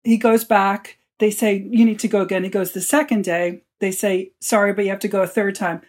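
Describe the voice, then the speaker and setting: Animated woman telling a wartime story. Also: medium pitch, a little fast. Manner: animated storyteller, quotes people in her tale. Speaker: author and guest. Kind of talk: storytelling interview answer.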